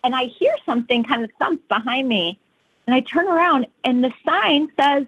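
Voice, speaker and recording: A woman guest with a slightly high, husky voice tells her story in an earnest, lively way. Her sentences run on with fillers, and she sounds like she is on a remote call. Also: normal speed, muffled recording. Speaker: guest entrepreneur. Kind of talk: casual interview storytelling.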